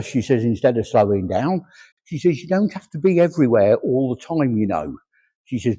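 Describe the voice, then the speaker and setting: A man's voice: mid-range voice, mellow. Chatty man relaying spirit messages. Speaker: medium. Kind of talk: mediumship readings at a church service.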